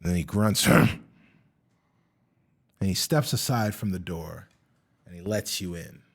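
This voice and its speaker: A man narrating as dungeon master of a tabletop game, relaxed, with many fillers. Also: low voice, slow, vocal fry.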